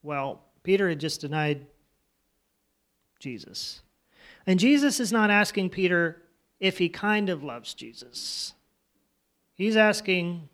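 A man with a high voice teaches a Bible story to children. He talks in a loose, conversational way, retells scenes in his own words and keeps turning to the kids with questions. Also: expressive, slow, long pauses, a bit bright.

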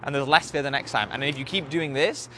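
A young man hosts a podcast, speaking a little fast in a mid-range voice against a noisy background. His monologue is loose, rambling, profane, and packed with filler words.

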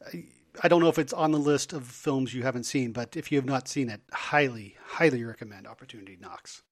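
A man's voice: mid-range voice, fairly quick. Easygoing male podcast co-host. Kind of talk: casual movie podcast chat.

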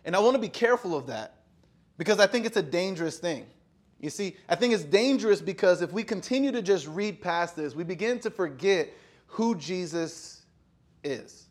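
Young male pastor, somewhat high voice, chatty sermon, acts out the quotes, lots of fillers. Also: lively intonation, normal speed. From Texas. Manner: casual storytelling, acts out quotes, many fillers.

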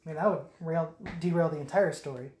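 A woman's voice: deep voice, fairly quick, warm tone, echoey room. A woman casually recapping a film on a podcast, swearing often and acting out scenes with silly voices and sound effects. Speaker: podcast co-host.

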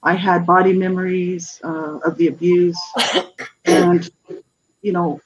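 A middle-aged guest author giving a personal testimony in an interview, earnest and halting, with many restarts. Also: medium pitch, level tone, slightly rough, dull audio.

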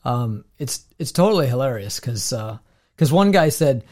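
A man's voice: medium pitch, animated, normal speed, a little mellow. A man co-hosting a podcast, telling stories in a rambling way with many restarts. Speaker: podcast co-host. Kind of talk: casual podcast chat.

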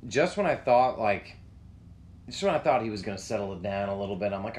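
A man's voice: lowish voice, animated, a little fast, a little mellow, a little hiss or hum. A young man co-hosting a podcast, telling rambling, profane stories in casual chat. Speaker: podcast co-host.

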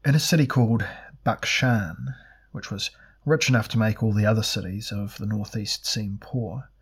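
Husky low-voiced male audiobook narrator. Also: steady tone. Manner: measured, deliberate reading.

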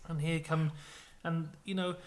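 A man telling an absurd story in a deadpan, mock-serious way, with ums and uhs. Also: a little high, measured pace. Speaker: podcast co-host, storyteller.

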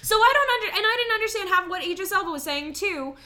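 A young woman with a high, bright, ringing voice chats casually and excitably. She swears freely and fills her talk with "like". She keeps going as a co-host in a loose, unscripted conversation. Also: fast. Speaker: podcast co-host. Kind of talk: casual chat.

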